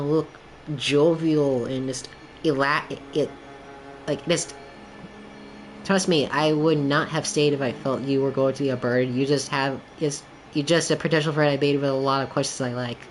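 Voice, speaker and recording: A man's voice: a little high, steady tone, normal speed, soft background music. Rambling young man streaming a game. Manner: rambling and candid, heavy on filler "like". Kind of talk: casual chat while gaming.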